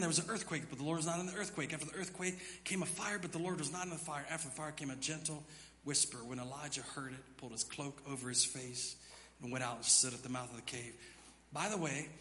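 A man with a high, bright voice preaches a sermon in a church sanctuary. He drops to a near hush, then rises to loud, emphatic passages, and a long hall reverb trails his words. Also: fast, slight background noise. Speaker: pastor.

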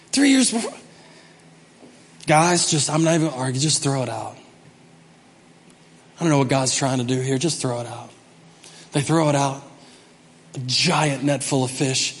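A high-voiced male pastor preaches in a big hall with a long echo trailing his words. He acts out the story animatedly, dropping low and then shouting out loud. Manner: animated, acting out the story, swinging from quiet to shouting. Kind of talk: sermon.

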